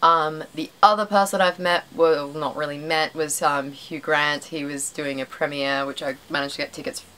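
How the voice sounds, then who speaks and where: A woman's voice: sits low, steady tone, moderate pace, hardly any pauses, sharp tone, a little hiss or hum, poor audio. A young Australian woman vlogging to camera in a rambling, self-deprecating way, full of fillers. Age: young adult. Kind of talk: casual chat to camera.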